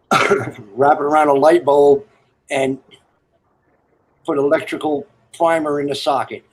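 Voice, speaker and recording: A man's voice: fairly high pitch, a little mellow, low-quality recording. A man telling rambling, crude military stories and jokes in casual chat, laughing at his own lines. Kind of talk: casual storytelling on a live stream.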